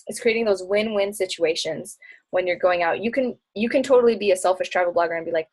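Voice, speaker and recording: A woman's voice: fairly low pitch, fast talker, a little mellow. A young woman talking casually as a travel blogger and coach, chatty and bubbly, often laughing and acting out bits of dialogue. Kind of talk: casual talk answering audience questions.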